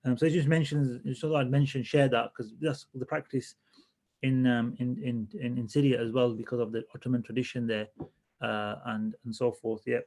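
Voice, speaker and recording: A man teaching a religious class in a relaxed, conversational way, often restarting his sentences as he thinks aloud. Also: medium pitch, a little fast. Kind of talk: casual classroom lesson.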